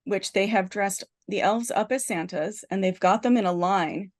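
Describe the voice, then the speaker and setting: A woman's voice: mid-range voice, normal speed. A woman podcast host in casual chat, animatedly retelling a horror film's plot with lots of "like" and restarts. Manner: animated storyteller, heavy use of "like" and restarts.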